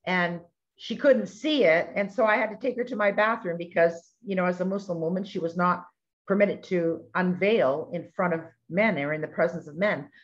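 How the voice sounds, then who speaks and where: A middle-aged woman telling a testimony story in an animated way, acting out the voices of the people she quotes. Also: fairly low pitch, moderate pace. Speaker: ministry speaker sharing testimony. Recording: dull lo-fi recording.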